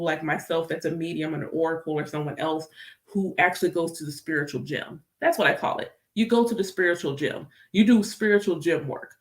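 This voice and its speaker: Woman, medium-vlogger, lowish voice, expressive casual chat, roomy echo. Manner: animated, emphatic, repeats phrases, laughs easily. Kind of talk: casual spiritual chat to camera.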